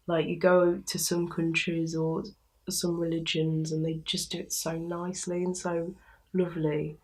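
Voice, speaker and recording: A young woman from England talks casually in an interview, her voice sitting a little low. She laughs often and slips into little acted-out quotes of her own thoughts. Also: measured pace. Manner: chatty, laughs often, animated quoting. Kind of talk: casual chat.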